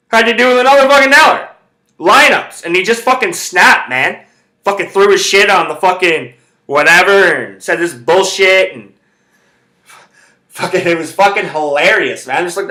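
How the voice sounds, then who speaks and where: A man's voice: fairly high pitch, sharp tone. A man hosting a podcast, telling a rambling casual story and swearing constantly. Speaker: podcast host.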